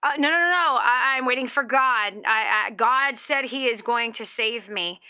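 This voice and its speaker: A woman's voice: fairly high pitch, measured pace, sharp tone, smooth. A woman doing a frantic stammering castaway man. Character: stubborn stranded man pleading, panicky.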